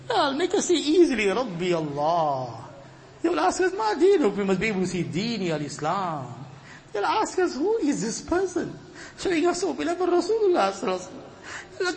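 A man's voice: high-pitched, a little hiss or hum. A man leading a long, fervent Islamic supplication, his voice rising into tearful pleading.

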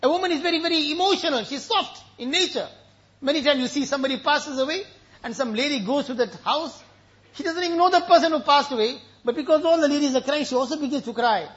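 A very high-voiced man delivering an emotional sermon, telling stories and weaving in Arabic recitation. The sound is dull and lo-fi. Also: fast talker, fairly bright tone. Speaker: preacher.

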